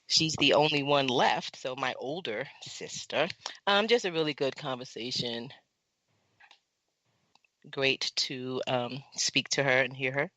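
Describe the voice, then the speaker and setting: A podcast host opening the show and chatting casually, playful and animated. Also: medium pitch, unhurried, no echo, low-quality recording. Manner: lively, playful, jumps between loud and soft.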